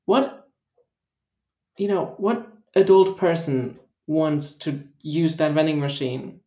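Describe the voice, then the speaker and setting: Mid-pitched man in an echoey room. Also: takes it slowly. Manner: relaxed, teasing, uses many fillers. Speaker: podcast co-host. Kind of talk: casual chat.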